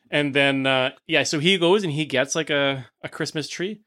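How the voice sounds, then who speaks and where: A man running a comedy tabletop game, his voice sitting a little higher than most men's. He narrates in a loose, rambling way, padding lines with fillers and restarts. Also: normal speed, hardly any pauses, bright, forceful tone. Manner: rambling, filler-heavy, hesitant. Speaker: game master.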